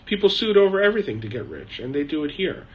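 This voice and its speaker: A man's voice: on the high side, very animated, fast, muffled recording. A man hosting a casual live chat from his shed, answering viewer questions in a rambling, chatty way with frequent laughs. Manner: rambling, chatty, laughs often, mimics people.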